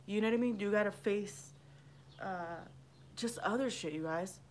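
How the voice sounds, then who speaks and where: A woman's voice: mid-range voice, moderate pace, a little hiss or hum. A middle-aged woman rambling casually on a livestream vlog, swearing freely and greeting viewers by name. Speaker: livestream vlogger.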